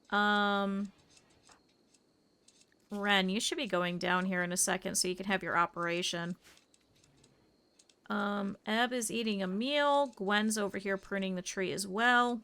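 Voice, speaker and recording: A woman's voice: medium pitch, fairly even intonation, a little slow, pauses often, pushed and bright, clear, resonant tone. A woman streamer giving live gameplay commentary, chatty, laughing often and talking to her game characters and chat.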